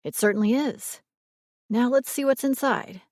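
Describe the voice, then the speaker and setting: A woman voicing a wealthy single father, speaking low and quiet. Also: normal speed, no echo, clean studio sound, lightly acted. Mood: coaxing. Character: grown man, wealthy single father, gruff.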